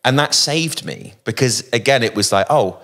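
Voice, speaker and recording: A man from England, a guest musician in a casual interview, telling thoughtful anecdotes with frequent pauses and fillers. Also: medium pitch, expressive, sharp tone. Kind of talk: casual interview, reflective storytelling.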